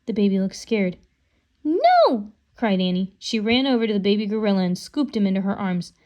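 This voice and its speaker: Woman, storybook reader, calm, unhurried, children's book narration. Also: mid-range voice, lo-fi sound. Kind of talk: reading a children's book aloud.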